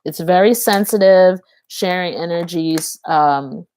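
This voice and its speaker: A woman giving a tarot card reading to camera. She speaks earnestly and haltingly, with many fillers. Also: fairly low pitch, a little mellow, a little hiss or hum.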